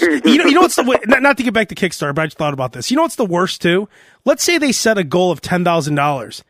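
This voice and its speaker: Man, podcast host, high voice, animated casual chat, dry sound. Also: fast, dry recording. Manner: loud and animated, jumps between topics.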